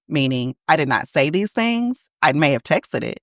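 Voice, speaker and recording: A woman co-hosting a podcast in casual chat, emphatic and quick to laugh. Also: low voice, expressive, dry recording, studio quality. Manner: chatty, laughs often, emphatic. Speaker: podcast co-host.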